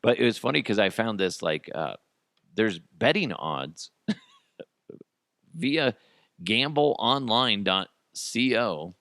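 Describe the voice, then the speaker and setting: Gravelly rambling comedy podcast host man. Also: lowish voice, sing-song, fairly bright tone, dry recording, studio quality. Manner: rambling, crude, jokey, quick to laugh; tosses in goofy character voices.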